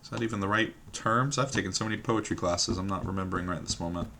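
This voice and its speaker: Sitting at his computer, this streamer talks through a word puzzle in a low, sharp voice at a quick pace. He sounds musing and unsure, letting sentences trail off and muttering words over again.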